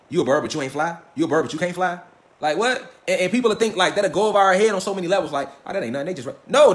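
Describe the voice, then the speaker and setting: High-voiced, emphatic man in an echoey room. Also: bright, forceful tone. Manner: emphatic, profane and swaggering, hammers points with repeated rhetorical questions. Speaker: lecturer. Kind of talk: preachy solo monologue.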